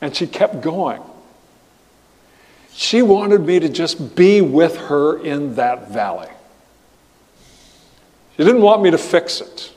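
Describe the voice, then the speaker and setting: A man preaching as a pastor, earnest and halting, often restarting his phrases. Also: fairly high pitch, a little mellow, long reverb tail. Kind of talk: sermon.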